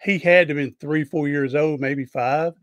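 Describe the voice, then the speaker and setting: A man's voice: fairly high pitch, steady tone, moderate pace, dry recording. A man hosting a podcast interview, telling rambling, folksy anecdotes with frequent restarts. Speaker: podcast host. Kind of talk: casual interview storytelling.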